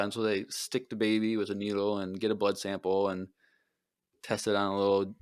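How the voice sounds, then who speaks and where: A man co-hosting a podcast, recapping an episode in casual chat and acting out the characters' lines in quick put-on voices. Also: on the low side, clear, resonant tone. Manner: animated retelling with quick voiced impressions. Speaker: podcast co-host.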